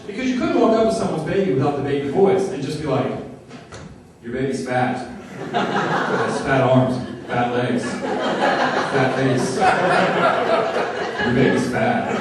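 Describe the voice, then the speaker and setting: A young man doing deadpan stand-up comedy on a club stage, with a flat, dry delivery and pauses. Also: high voice, far from the mic. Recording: echoey room heard from afar, noisy.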